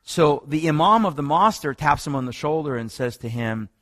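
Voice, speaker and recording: Animated preacher man, dry sound. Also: normal speed, dry recording. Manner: animated storytelling, many restarts, rising pitch when excited. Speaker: preacher teaching on another religion. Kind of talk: sermon-style teaching talk.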